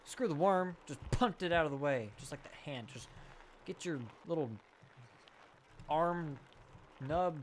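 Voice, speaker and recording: A man's voice: a little high, expressive, a little slow, pauses often, a little hiss or hum. A man giving casual let's play commentary, joking, talking to the game and bursting into sudden exclamations.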